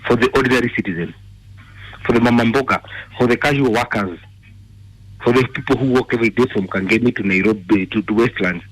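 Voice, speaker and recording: A man's voice: medium pitch, a little fast, fairly bright tone, no room sound, low-quality recording. A man with a Kenyan accent calling in to a radio show, indignant and angry, firing repeated rhetorical questions. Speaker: caller. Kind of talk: call-in radio rant.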